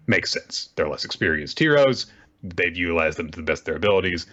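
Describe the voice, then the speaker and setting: Low-voiced man recapping chapters casually. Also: a little fast, highs cut off. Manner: animated storyteller who acts out quoted lines. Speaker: podcast co-host recapping manga. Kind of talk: casual chat.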